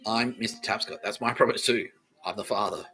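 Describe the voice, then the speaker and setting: The audio is poor, but you can hear a man with a fairly low, steady voice speaking a little fast in a pushed, bright way. He hosts a comedy podcast, delivering a profane monologue that loops back on the same phrases while he swears constantly and laughs at his own jokes.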